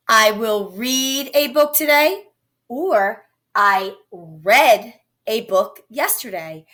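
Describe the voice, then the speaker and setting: Slow, patient woman teaching young kids. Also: fairly high pitch, fairly bright tone. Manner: patient, sounds out words slowly for young children. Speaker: elementary teacher. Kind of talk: recorded remote phonics lesson.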